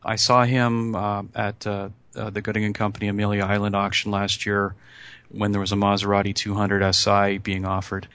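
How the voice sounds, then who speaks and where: A man answering interview questions as a podcast guest, pausing often with ums and restarts. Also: lowish voice, completely flat delivery, fairly bright tone, clear, resonant tone, no room sound. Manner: hesitant, many ums and restarts. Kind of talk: casual interview.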